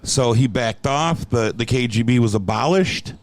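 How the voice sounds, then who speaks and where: A man hosting a podcast in casual chat, telling animated, profane stories and slipping into put-on voices. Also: medium pitch, normal speed, no room sound. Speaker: podcast host.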